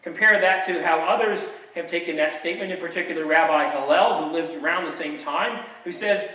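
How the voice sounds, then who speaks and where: A man's voice: fairly high pitch, a little fast, hardly any pauses, pushed and bright. A man preaching a sermon as pastor, conversational and dotted with wry jokes. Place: church sanctuary. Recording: echoey sanctuary, mic at a distance.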